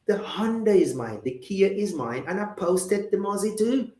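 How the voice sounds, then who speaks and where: A man's voice: sits high, sing-song, normal speed, warm tone, echoey room, voice pushed up. A man putting on a cheeky mock British accent, teasing and slangy. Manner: playful, teasing, slangy with "innit".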